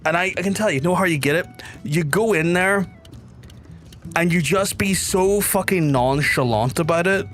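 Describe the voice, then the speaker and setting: A young man from Belfast with a softened Belfast accent, chatting and rambling to his viewers while he streams a game. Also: high voice, moderate pace. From Northern Ireland. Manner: rambling, chatty, reads chat aloud. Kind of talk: casual game stream chat.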